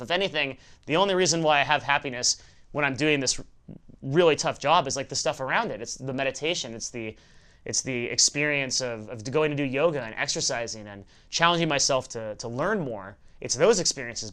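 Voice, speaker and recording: A man's voice: medium pitch, fairly bright tone, smooth. A man in a casual vlog who reflects on happiness in an earnest, conversational way and often restarts his sentences. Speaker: vlogger.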